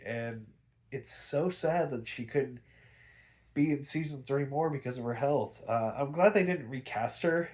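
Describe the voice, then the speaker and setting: A man's voice: medium pitch, darkish tone. A man hosting a podcast, casually reviewing a TV episode in a rambling way, with many fillers and restarts and casual swearing. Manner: quotes characters in a raised voice.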